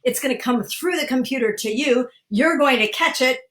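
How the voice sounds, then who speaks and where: A woman's voice: sits high, moderate pace, fairly bright tone. An older woman leading a guided online laughter exercise, cheerfully coaching listeners through each step. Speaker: laughter instructor.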